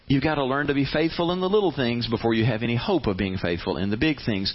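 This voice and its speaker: A man preaching a sermon on giving, animated and punchy, with sudden loud rises in his voice. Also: mid-range voice, fast talker, few pauses, lo-fi sound. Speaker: pastor.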